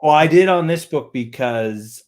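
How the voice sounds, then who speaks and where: A man's voice: fairly high pitch, animated, a little slow, a little mellow. A man, an author, chatting casually on a livestream and often repeating words as he thinks.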